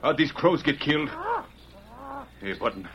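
A man's voice: medium pitch, animated, measured pace, lo-fi sound, noisy background, close to an everyday voice. An actor playing a menacing male outlaw who questions and threatens, in 1940s radio acting style. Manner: demanding, threatening.

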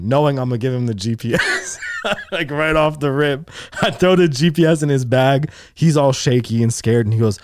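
A young man co-hosting a podcast, telling a story in casual chat, profane and animated, acting out other people's lines. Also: medium pitch, normal speed, a little hiss or hum. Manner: animated, profane, acts out quotes. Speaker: podcast co-host.

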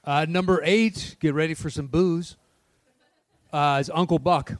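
A young man co-hosting a casual podcast, chatty and quick to laugh as he ranks movies. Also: a little high, steady tone. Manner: chatty, laughs easily, jokey asides. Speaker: podcast co-host. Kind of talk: casual movie-ranking chat.

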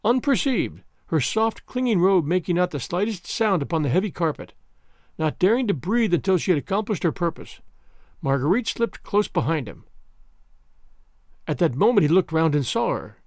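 A man narrating a classic novel in an expressive, dramatic reading. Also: high-pitched, normal speed, dry recording, studio quality. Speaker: audiobook narrator.

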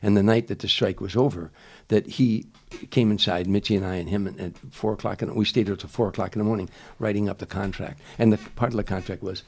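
Older man with a gravelly low voice. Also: steady tone, quick pace, hardly any pauses, a little mellow. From Chicago, USA. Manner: rambling, full of restarts and "you know". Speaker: guest comedian. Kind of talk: casual storytelling.

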